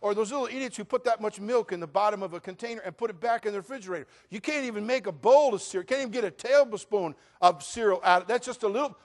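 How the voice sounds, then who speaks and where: High-pitched guy preaching, gets loud then drops way down, church sermon. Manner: animated preaching, swinging between loud rants and quiet asides. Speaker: pastor.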